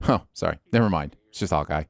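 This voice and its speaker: A man's voice: very deep voice, fast, gravelly, background noise. A man giving sarcastic, mocking comedic commentary as a voice-over narrator. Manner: snarky, mocking.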